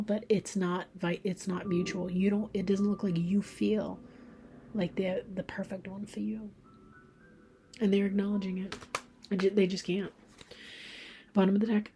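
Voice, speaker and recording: A woman with a mellow, warm voice talks her way through a casual tarot reading, thinking out loud and reading each card's message. She often drops into a soft half-whisper, with a faint hiss of noise behind her. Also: medium pitch, fairly even intonation, a little slow. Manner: reads card messages aloud, thinking out loud. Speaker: tarot card reader.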